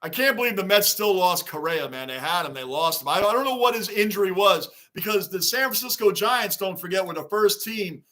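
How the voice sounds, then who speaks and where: Man, livestream host, casual sports chat, greets viewers by name, repeats himself, fairly high voice. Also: lively intonation, brisk, hardly any pauses, bright, forceful tone.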